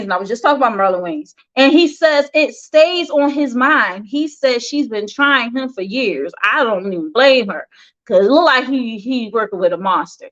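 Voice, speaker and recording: A woman hosting a casual celebrity gossip news show, making opinionated asides between stories. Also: sits high. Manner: chatty, opinionated asides with laughs. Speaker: host reading celebrity news. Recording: dull lo-fi sound.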